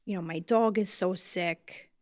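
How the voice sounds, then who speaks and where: A woman's voice: lowish voice, unhurried, a little mellow, no room sound, clean studio sound. A woman with a New Jersey accent hosting a podcast in casual talk, frank and swearing, holding back tears as her voice drops to near whispers. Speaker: podcast host.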